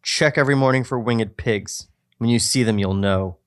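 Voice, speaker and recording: A man voicing a cold, jealous young man in a screenplay read-through, with a flat, icy delivery. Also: medium pitch, moderate pace, close to an everyday voice. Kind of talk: reading a screenplay aloud.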